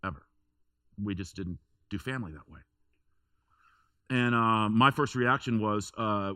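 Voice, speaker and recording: A man's voice: lowish voice, animated, measured pace, pauses often, sharp tone, smooth, no echo, studio quality. A man preaching a sermon in a church, telling a personal story in a conversational way with emphatic repetition. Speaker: pastor.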